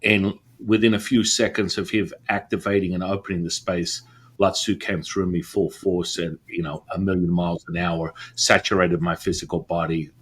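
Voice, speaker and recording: A man being interviewed, telling a story in an animated way and acting out the voices of people he quotes. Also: low-pitched, husky. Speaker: podcast guest.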